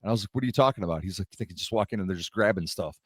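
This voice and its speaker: A man's voice: on the low side, very fast, breathy edge, dry recording, clean studio sound. A young man from the Los Angeles area in casual podcast chat, telling stories and acting out the people he quotes. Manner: animated storytelling, acts out quoted voices. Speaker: podcast co-host.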